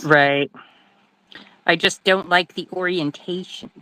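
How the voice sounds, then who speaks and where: A woman chatting casually over a video call while making resin, talking loudly and laughing easily, close to her phone mic. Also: on the low side, takes it slowly, dry recording, poor audio. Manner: loud, animated, laughs easily. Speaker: guest resin maker. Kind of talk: casual live-stream chat while crafting. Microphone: phone mic on a video call, close to the face.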